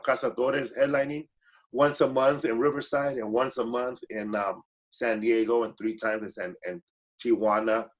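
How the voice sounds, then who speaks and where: A man guest comedian telling stories in a casual, rambling way, correcting himself as he goes and slipping into Spanish phrases. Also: fairly high pitch. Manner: laid-back, rambling, self-correcting, slips into Spanish phrases. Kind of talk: casual storytelling.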